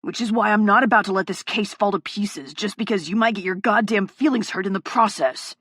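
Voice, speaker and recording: Woman voicing a gruff, husky FBI agent man. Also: medium pitch, fairly quick, a bit bright, no echo, studio quality. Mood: curt. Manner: curt, swearing, mutters darkly. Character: gruff, hot-tempered male FBI agent. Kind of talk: audiobook character voice.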